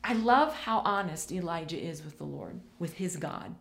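A woman's voice: lowish voice, lively intonation, moderate pace, vocal fry, a bit bright. Earnest woman preaching a sermon. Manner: earnest, repeats phrases for emphasis; speaks directly to listeners.

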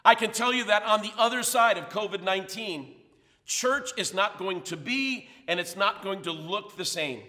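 A man's voice: sits high, normal speed, sharp tone, big-room sound. A man preaching a sermon as pastor, emphatic and full of rhetorical questions.

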